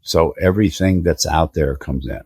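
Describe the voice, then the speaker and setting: Older man with a very deep, husky voice. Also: moderate pace, a little mellow, no echo. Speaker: therapist guest. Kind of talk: explanatory interview talk.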